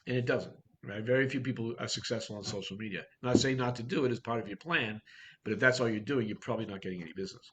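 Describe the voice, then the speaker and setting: A man's voice: mid-range voice, fast, a bit bright. A man coaching real estate agents in a workshop talk, blunt and direct, firing off rhetorical questions.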